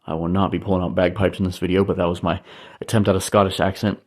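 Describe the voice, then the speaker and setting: A man's voice: low voice, level tone, fast. A young man vlogging casually indoors, chatting to his viewers as he goes and speaking through the camera mic. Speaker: hobby vlogger. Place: indoor room lit by disco lights.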